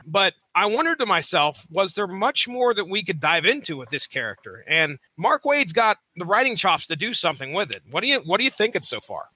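A man hosts a comics discussion show, running through a plot recap in a brisk, joking way. His voice sits high and sounds very bright, with lively swings in pitch. The recording is dry with no room sound. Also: husky, dry recording, poor audio. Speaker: podcast host. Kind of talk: reading a plot summary, then casual chat.

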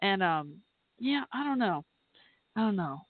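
A chatty Texan woman hosts a casual live-stream podcast, laughing often and talking back at a football game. Her medium-pitched voice is sing-song and a little slow, coming through a tinny, phone-like line. The sound is dry and close, with no echo.

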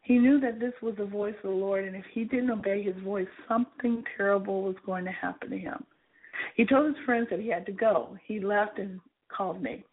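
A woman reading her own memoir aloud in an earnest storytelling manner, with a husky voice and tinny phone-like sound. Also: medium pitch, fairly quick. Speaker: author reading her book.

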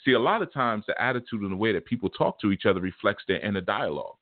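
A man teaches in a casual, rambling way, leaning on "you know" as he talks. His voice sits low. The sound is thin and phone-like, and it is very dry. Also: very animated, fast talker, dry recording. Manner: loose, conversational, repeats "you know". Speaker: spiritual teacher. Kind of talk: casual spiritual talk.

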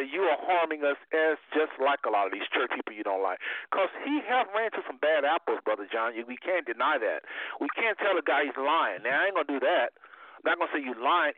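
A high-voiced man in his fifties hosts a call-in talk show, his pitch swinging wildly as he preaches his points. He comes through a tinny phone line with no room sound at all. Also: expressive, fairly quick, dry recording. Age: 50s. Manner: emphatic, preacherly, swings between low and high. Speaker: radio talk show host.

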